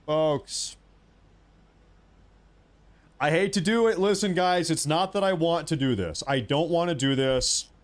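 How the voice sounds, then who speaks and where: A man's voice: fairly high pitch, a little slow, long pauses. A man hosting a live stream, talking casually and rambling, often restarting and muttering asides to himself.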